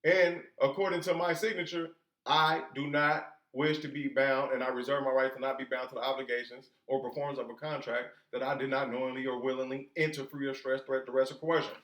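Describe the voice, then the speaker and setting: A man's voice: medium pitch, fairly even intonation, brisk, fairly bright tone. Emphatic man teaching in an echoey room. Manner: emphatic, asks rhetorical questions and answers them; colloquial. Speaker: instructor. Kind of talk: informal teaching talk.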